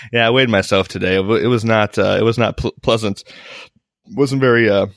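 A man's voice: on the low side, fairly even intonation, moderate pace, a bit bright, dry recording, clean studio sound. A man co-hosting a podcast in casual banter, rambling with restarts and laughing often. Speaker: podcast co-host. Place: home.

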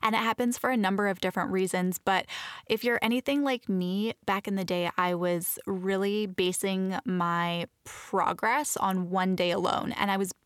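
A woman's voice: mid-range voice, fairly even intonation, moderate pace, smooth, no echo, studio quality. A woman talking casually to camera about fitness, earnest and chatty, often restarting her sentences. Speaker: fitness vlogger. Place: Los Angeles area.

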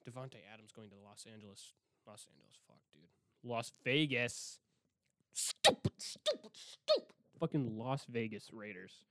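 A young man from Milwaukee rants on his own podcast, cursing freely and swooping wildly up and down in pitch. He lurches between loud outbursts and near-whispered asides. The sound is close and dry, with no room around him. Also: dry recording. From Milwaukee, Wisconsin. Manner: profane, excitable, swings between shouting and whispering. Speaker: podcast host. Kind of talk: casual solo rant.

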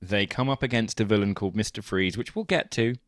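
A man co-hosting a podcast, giving wry deadpan film summaries in casual chat and laughing often. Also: lowish voice, a little fast, no echo, clean studio sound. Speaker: podcast co-host.

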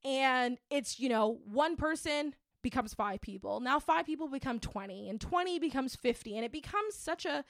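Woman host, chatty and animated, slightly high voice, dry close mic. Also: moderate pace, hardly any pauses, dry recording. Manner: chatty and animated, many fillers. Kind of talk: casual monologue.

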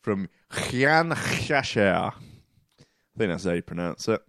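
A man's voice: lowish voice, lively intonation, slow pace, a bit bright, dry recording, studio quality. A man co-hosting a podcast, reading out a listener's message with wry asides. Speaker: podcast co-host.

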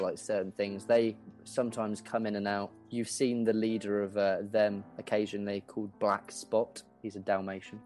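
A man's voice: fairly low pitch, darkish tone. A man narrating a tabletop role-playing game as game master, in casual, filler-heavy speech.

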